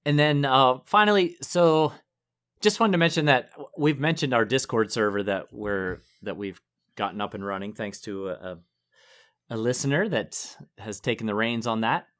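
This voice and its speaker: Brief: male podcast co-host, chatty and amused, from the northern United States, average pitch. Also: normal speed, a bit bright. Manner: chatty, laughs often. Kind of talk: casual podcast chat.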